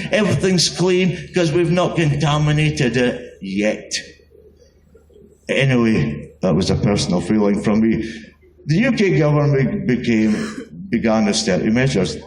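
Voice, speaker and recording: A man with a Scottish accent from the Highlands, giving a rambling rally speech full of wry asides. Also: darkish tone, reverberant, a little hiss or hum, poor audio. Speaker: rally speaker. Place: outdoor rally.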